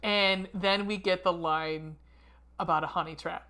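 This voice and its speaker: A woman co-hosting a podcast, recapping a movie plot step by step in a relaxed, casual way with many fillers. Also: fairly low pitch, measured pace. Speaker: podcast co-host.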